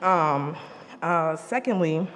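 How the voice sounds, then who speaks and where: A young woman, a graduating student, reading her graduation speech in a casual, emotional way with many pauses and ums. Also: deep voice, expressive, a bit bright. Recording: reverberant hall with faint noise.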